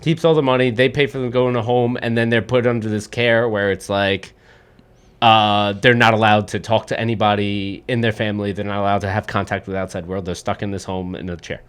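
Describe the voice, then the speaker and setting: A man's voice: lowish voice, fairly even intonation, brisk, clean tone. A man hosting a podcast, ranting in casual, profane chat about a movie he disliked. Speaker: podcast host.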